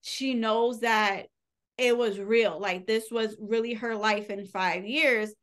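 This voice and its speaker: A woman's voice: a little high, fairly even intonation, slow pace, fairly bright tone. A woman casually retelling a book's plot on a podcast, rambling and filling her talk with "like". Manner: chatty, rambling, heavy use of "like", casual swearing. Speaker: podcast co-host reviewing books. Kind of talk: casual book recap.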